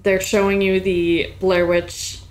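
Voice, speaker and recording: Woman, podcast co-host, casual recap chat, enthusiastic, jokey, average pitch, faint background hiss. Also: level tone, slow pace.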